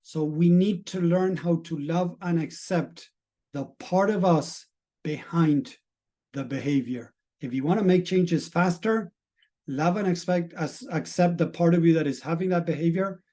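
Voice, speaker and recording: Earnest high-voiced middle-aged man coaching. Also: unhurried, dark tone. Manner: earnest and emphatic, with repeated rhetorical questions. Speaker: mindset coach. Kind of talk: live-streamed motivational talk to a chat audience.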